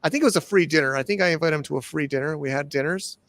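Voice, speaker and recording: A man from the United States in his forties, telling stories from his own life. He rambles and restarts as he goes, and his voice sits slightly on the high side. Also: rapid-fire, a bit bright, dry recording. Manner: rambling, with restarts and acted-out quotes. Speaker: guest. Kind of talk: casual storytelling interview.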